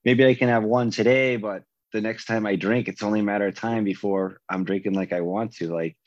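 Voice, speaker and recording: A man candidly recounting his own story, animated and acting out the lines of the people in it. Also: fairly low pitch, a little fast, no room sound, highs cut off. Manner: animated, acts out other people's lines in a raised voice. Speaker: guest telling his recovery story.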